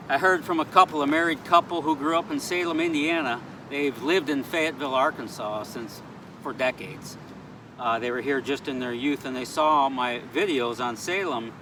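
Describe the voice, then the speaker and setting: A man's voice: mid-range voice, far from the mic, background noise. A man talking casually to camera in an outdoor town square, earnest and playfully pleading. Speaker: vlogger.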